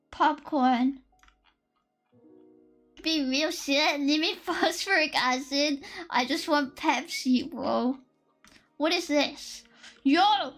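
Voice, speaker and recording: Young female streamer, very high voice, slow and drawn-out delivery, giggly and foul-mouthed. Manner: excitable, giggly and profane, thinking aloud. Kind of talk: casual live-stream chat. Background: faint lo-fi music.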